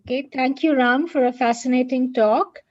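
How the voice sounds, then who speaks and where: A woman's voice: sits high, fairly even intonation, normal speed, dry recording, lo-fi sound. A woman moderating a panel discussion over a video call, polite and brief as she hands over to questions.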